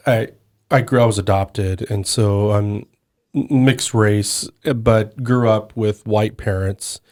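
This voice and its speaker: Measured male podcast co-host. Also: lowish voice, darkish tone. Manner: measured, explanatory, some restarts. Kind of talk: podcast hosting and explaining.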